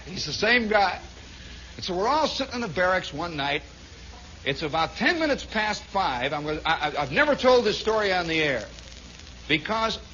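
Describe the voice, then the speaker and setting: A man's voice: sits high, bright, forceful tone, a little hiss or hum. A man from Indiana telling a long, rambling story on his radio show, full of asides. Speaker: radio host. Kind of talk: storytelling monologue. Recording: dull lo-fi 1960s radio broadcast.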